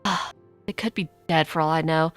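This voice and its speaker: A woman voicing a gruff, folksy male merchant from a video game who calls people 'lass' and 'fella'. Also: sits low, fairly even intonation, moderate pace, no echo, soft background music, voice pushed down, natural voice. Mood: hearty. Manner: folksy rough speech, calls people lass and fella.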